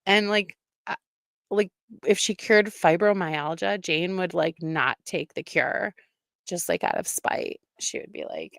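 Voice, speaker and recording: Slow, gravelly woman mocking on stream. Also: fairly low pitch, a bit bright, no echo, studio quality. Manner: blunt, mocking, swears freely, laughs often. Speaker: livestream reaction host. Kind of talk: casual reaction commentary.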